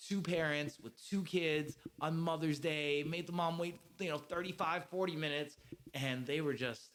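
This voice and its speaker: A man's voice: fairly high pitch, steady tone, moderate pace, fairly bright tone, a little hiss or hum. Laughing man telling a rambling story. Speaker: server sharing work stories. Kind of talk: casual storytelling chat.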